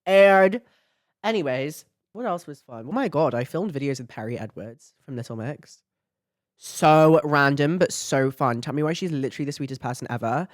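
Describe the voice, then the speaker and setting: A woman's voice: sits low, expressive, moderate pace, dry recording, studio quality. A young woman hosting a podcast, talking in a blunt, chatty way with lots of filler words and swearing. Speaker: podcast host. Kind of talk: casual chat to camera.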